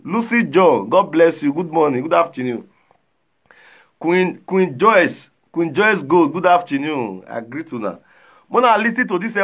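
A man with a Nigerian Pidgin accent hosting a livestream, taunting rivals loudly and greeting viewers by name. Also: high voice, highs cut off. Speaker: livestream host. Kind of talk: livestream rant.

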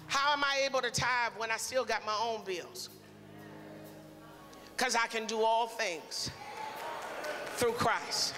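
A male preacher delivering a call-and-response sermon, exhorting the congregation and building to shouts. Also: extremely high pitch. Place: church sanctuary. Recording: reverberant church hall, faint crowd.

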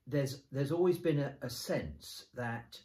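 A man's voice: mid-range voice, slow, mellow. A man, a bishop, talking through a bible passage in a thoughtful, step-by-step way with many restarts. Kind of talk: conversational bible discussion. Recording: roomy echo.

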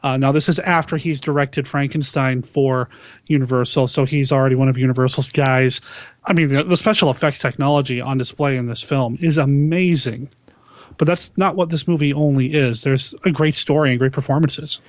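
A man's voice: mid-range voice, steady tone, fairly quick, no echo. A man hosting a podcast, chatting casually and enthusiastically, often laughing. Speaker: podcast host. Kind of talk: casual chat.

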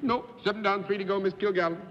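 A man hosting a TV panel game, moderating with genial brisk remarks. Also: high-pitched, fairly even intonation, fairly bright tone. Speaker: game show host. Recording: dull 1950s TV studio sound with hall echo.

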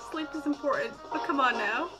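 A young woman reacting to a video on her own camera, excitable and laughing, swearing freely. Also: high voice. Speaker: reaction vlogger. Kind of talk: casual reaction commentary. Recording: music from a video behind. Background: music from a played video.

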